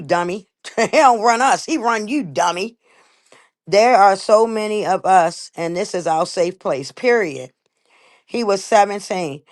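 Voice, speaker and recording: A woman hosts her own livestream and talks straight at her viewers in a heated rant. She is blunt, swears freely and stresses her points hard. Her voice sits at an ordinary middle pitch. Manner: blunt, profane and emphatic. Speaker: livestream host.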